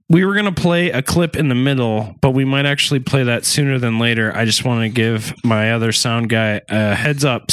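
A man's voice: mid-range voice, fairly bright tone, no room sound. A man hosting a podcast, casually telling a story with lots of swearing, asides and laughter. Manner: rambling, profane, laughs often. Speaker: podcast host.

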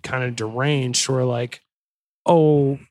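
A man hosting a podcast, talking at an ordinary pitch with an easy, rambling flow. He jokes loosely, then reads from his notes, tripping over words and starting again. The sound is close and dry. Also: expressive, unhurried, a bit bright, no room sound. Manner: rambling, joking, self-correcting restarts. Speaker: podcast host. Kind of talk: casual podcast chat and reading notes aloud.

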